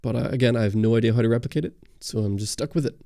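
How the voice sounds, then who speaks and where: Gravelly Northern Irish man chatting. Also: mid-range voice, very fast, dark tone, no echo, clean studio sound. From Northern Ireland. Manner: rambling, answers viewer chat. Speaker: YouTube host on a livestream. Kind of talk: casual livestream chat. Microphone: close studio mic.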